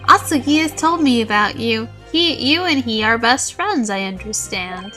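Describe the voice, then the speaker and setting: A woman reading aloud the lines of a composed official man from a visual novel, formal and measured. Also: a little high, animated, sharp tone, faint music behind. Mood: grave.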